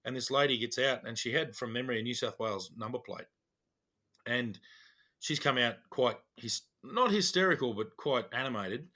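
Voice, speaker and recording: An Australian man, a police officer co-hosting a podcast, telling stories in a casual, animated way and acting out the dialogue. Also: mid-range voice, normal speed. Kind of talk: casual storytelling chat.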